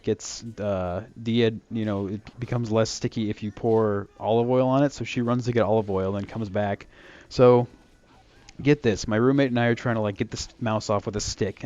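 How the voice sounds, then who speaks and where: A man's voice: fairly low pitch, a little mellow, muffled recording. A young man casually telling a long story, full of fillers and restarts, acting out the quoted lines. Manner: rambling, lots of fillers and restarts; acts out quoted lines in a raised voice.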